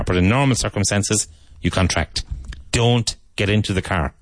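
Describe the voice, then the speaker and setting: A man hosting a radio English lesson, repeating example sentences slowly and clearly before explaining them. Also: lowish voice, no room sound. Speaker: English teacher and radio host.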